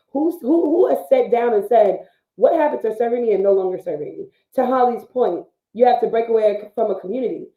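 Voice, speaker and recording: Woman, motivational co-host, earnest and repetitive, thin phone-like sound in a roomy space. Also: medium pitch. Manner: earnest, preachy, fond of repetition and "like". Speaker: co-host of a live business talk show. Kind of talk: casual motivational talk. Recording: phone-like livestream audio in an echoey room.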